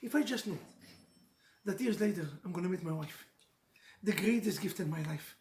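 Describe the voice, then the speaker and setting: A man giving an animated, emotional sermon as a rabbi, telling stories, joking with listeners and dropping Hebrew phrases. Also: high voice, moderate pace. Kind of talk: animated sermon to a live audience. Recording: echoey room with faint noise.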